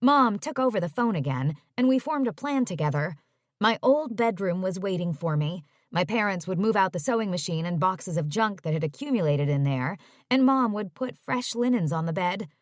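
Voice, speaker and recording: A woman narrating a first-person romance audiobook in a measured storytelling voice. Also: medium pitch, lively intonation, no room sound, clean studio sound.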